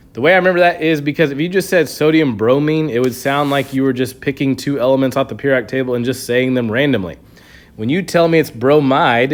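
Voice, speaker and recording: A man teaching a chemistry review lesson, explaining step by step with a patient manner and frequent checks of "okay". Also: medium pitch. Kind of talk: recorded classroom review lesson.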